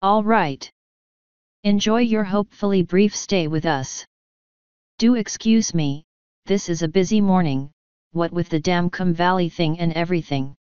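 A woman reading the part of a gruff middle-aged male watch commander who talks curtly and impatiently, in an audiobook. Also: on the low side, measured pace, a little mellow, no echo, lo-fi sound, natural voice. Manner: curt, impatient, dry.

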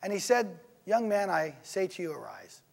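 A male preacher with a very high-pitched voice delivers a sermon in church. He talks in a conversational, animated way and keeps turning to his listeners with rhetorical questions. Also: normal speed, creaky.

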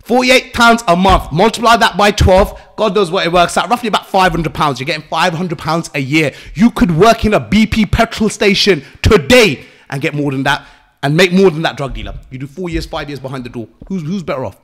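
Blunt english guy on a podcast, heavy slang and swearing, a bit high-pitched. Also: lively intonation, fairly quick, a bit bright. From England. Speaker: entrepreneur guest. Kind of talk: podcast interview.

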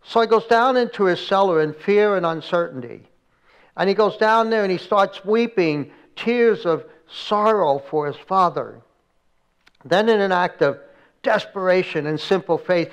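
In a church service recorded for online viewing, a middle-aged male pastor preaches a sermon in a high-pitched, lively voice that moves a little slowly and smoothly. He tells stories dramatically, acting out quoted prayers with rising intensity. The audio is poor.

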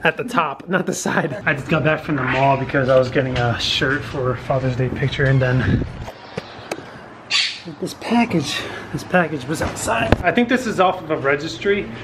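A man's voice: fairly high pitch, normal speed. A man casually vlogging at home with his family, playful and teasing. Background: baby crying, household noise.

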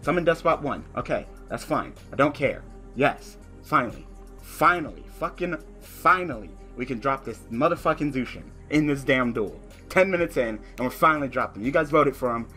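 Young guy cussing thru a card game, bright edgy voice, faint music behind. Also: expressive, normal speed. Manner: cursing, frustrated, muttering to the opponent; ranting in a high, laughing voice. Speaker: online card game streamer. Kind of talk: profane gameplay commentary.

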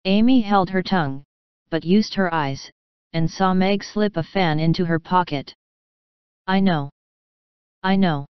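A woman narrating a classic novel audiobook in a calm, even storytelling manner. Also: lowish voice, moderate pace, clear, resonant tone, no echo, muffled recording.

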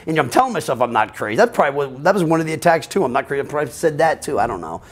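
Man, American accent, middle-aged, interview storytelling, rambling, profane, slightly high voice. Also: racing. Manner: profane, rambling, animated, quotes others in voices. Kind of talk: candid personal storytelling.

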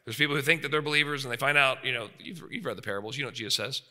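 A man's voice: medium pitch, rapid-fire, sharp tone. A man in his forties preaching an emphatic sermon, often checking in with his listeners. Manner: emphatic, frequent rhetorical checks with the audience. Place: seminary chapel. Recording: reverberant hall.

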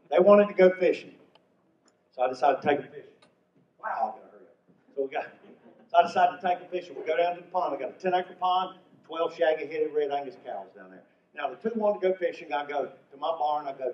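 A man's voice: fairly high pitch, fast, a little hiss or hum. An older man from North Carolina, telling stand-up comedy stories in a folksy way. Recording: echoey venue from far off, muffled.

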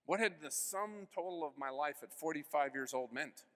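A man's voice: fairly high pitch, moderate pace, fairly bright tone, big-room sound. A man in his forties giving an earnest personal testimony at a conference, acting out the voices of people in his story. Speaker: conference speaker. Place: conference hall.

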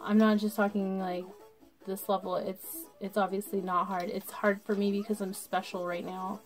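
A woman's voice: mid-range voice, normal speed, faint music behind. Drunk woman swearing over gameplay. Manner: swearing, excitable outbursts; talks to the viewers. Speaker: gaming channel host. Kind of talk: casual gameplay commentary.

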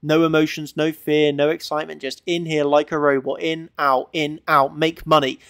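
Male trader-analyst, fairly high, gravelly voice, dry close sound; emphatic, repetitive chart walkthrough. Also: little pitch movement, normal speed, fairly bright tone, dry recording. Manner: emphatic and repetitive, tags lines with "okay?". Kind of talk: screen-share chart analysis.

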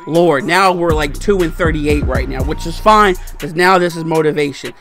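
A young man giving excited, animated commentary over his own football video game, exclaiming and groaning at each play. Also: fairly high pitch, normal speed, over music. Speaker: gaming YouTuber.

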